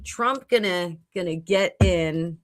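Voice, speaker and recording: A middle-aged woman talks casually to her livestream viewers as a psychic, wandering through thoughts with lots of ums and restarts. Her voice sits on the lower side. A faint hiss runs under the recording. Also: takes it slowly. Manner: rambling, thinks aloud with many fillers and restarts. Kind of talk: casual livestream chat answering viewer comments. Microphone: computer mic at a home livestream.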